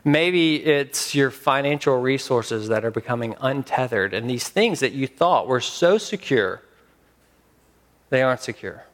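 A man preaching a sermon as pastor, emphatic with dramatic pauses. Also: mid-range voice, animated.

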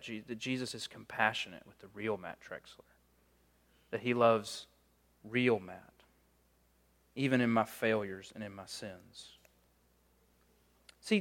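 Bright-voiced male preacher. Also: a little high. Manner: conversational storytelling with fillers. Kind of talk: sermon.

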